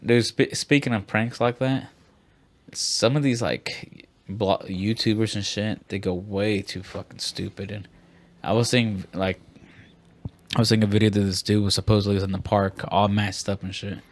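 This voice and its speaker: A man's voice: on the low side, steady tone, moderate pace. A man co-hosting a podcast, telling long rambling stories in casual, profane chat. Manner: profane, rambling storytelling with many fillers. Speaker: podcast co-host.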